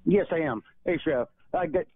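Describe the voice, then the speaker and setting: Dude on the phone to a radio show, tinny line, kinda high voice, making his case. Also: a little fast, no echo. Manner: earnest, argumentative. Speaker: caller. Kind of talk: talk radio phone call. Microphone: telephone.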